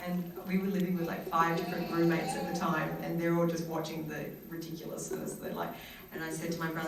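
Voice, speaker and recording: An actress with an Australian accent tells a story on a convention panel, animated, acting out what people said and laughing often. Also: female voice, low-pitched, quick pace, a crowd in the background. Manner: animated, acts out quoted voices, laughs often. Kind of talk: anecdotal storytelling to an audience. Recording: very echoey hall from far off.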